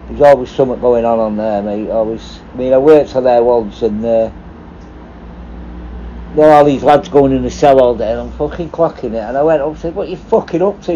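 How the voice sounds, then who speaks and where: A man's voice: mid-range voice, mellow. A man, a former prison officer, telling rambling, swear-filled stories in casual chat. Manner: swears constantly, rambling anecdotes. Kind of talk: casual storytelling. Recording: dull lo-fi with faint noise.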